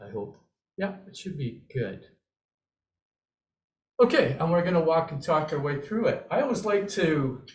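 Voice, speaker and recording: A man giving an online snare drum lesson, upbeat and encouraging, walking through scores and vocalizing the rhythms. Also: on the high side. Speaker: drumming instructor. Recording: roomy, slightly distant video call audio.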